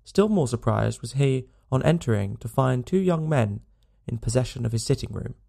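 A man narrating a classic story in a measured, dramatic audiobook reading. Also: medium pitch, animated, gravelly, warm tone.

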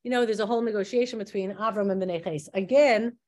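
A woman teaching a lesson on the weekly Torah portion, explaining with animated rhetorical questions and frequent restarts. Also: mid-range voice, quick pace.

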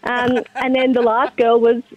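A woman's voice: on the high side, monotone, measured pace, no room sound. A young woman calling into a radio show, telling a story with eager enthusiasm. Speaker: caller. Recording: muffled phone line.

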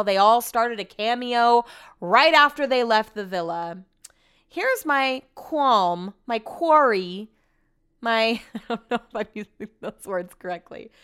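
A young woman hosting a podcast, chatting casually and gossiping in an animated way, and reading out her texts with a friend. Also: fairly high pitch, smooth. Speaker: podcast host. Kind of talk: casual chat.

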